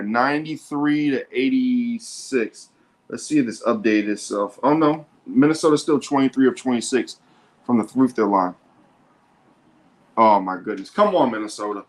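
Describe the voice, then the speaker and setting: This is a man hosting a sports show who excitedly comments on a live basketball game and tends to repeat himself. His voice is mid-range.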